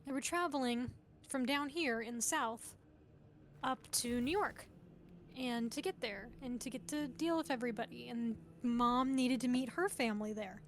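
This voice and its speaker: A woman with a high voice tells a family anecdote in a casual way, acting out each quote as she goes. She sounds chatty and lively. A faint hiss sits behind her voice. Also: normal speed. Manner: animated storyteller who acts out quotes. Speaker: guest chatting on a gaming stream. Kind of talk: casual storytelling.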